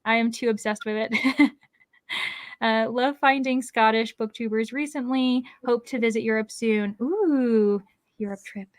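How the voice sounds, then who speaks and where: A woman with a fairly high voice talks unhurriedly, with no echo, while hosting a casual livestream. She chats and reads viewer comments aloud, laughing a lot and saying "like" often.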